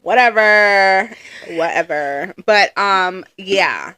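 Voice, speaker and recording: A young woman co-hosting a casual podcast chat, loud and animated, acting out quotes as she tells stories. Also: mid-range voice, extremely slow, no room sound. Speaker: podcast co-host.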